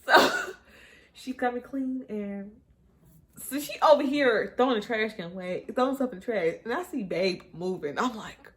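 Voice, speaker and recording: A woman's voice: on the high side, a little slow. Chatty young woman telling a candid story. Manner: animated and candid, often drops into hushed asides and laughs at herself; talks straight to viewers with frequent y'all. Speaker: mother telling her birth story. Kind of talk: casual storytime vlog.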